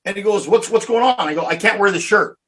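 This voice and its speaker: A man hosting a podcast, chatting casually with a guest, telling loud stories full of quoted dialogue and swearing. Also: high voice, fast. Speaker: podcast host. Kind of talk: casual interview chat.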